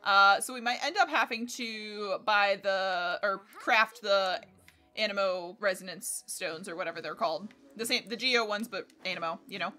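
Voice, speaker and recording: A woman's voice: mid-range voice, normal speed, bright, forceful tone, faint music behind. A woman livestreaming a game in casual chat, scattered and swearing as she talks to herself and to the game.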